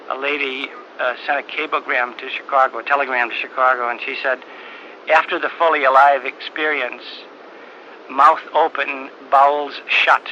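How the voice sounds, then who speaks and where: An older man, a priest, telling a personal story in a halting, earnest way with frequent repeated words. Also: medium pitch, sharp tone, dull audio. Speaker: priest giving a talk. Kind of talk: storytelling talk. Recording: old tape recording with faint hiss.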